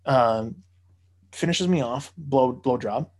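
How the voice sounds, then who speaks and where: A man's voice: medium pitch, slow. A man telling a long story in casual podcast chat, profane and rambling with many fillers.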